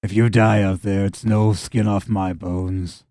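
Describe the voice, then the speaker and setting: A man doing a grim bigoted farmer, slow low voice, dry close sound. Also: level tone, mellow, dry recording. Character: cold, bigoted older male farmer.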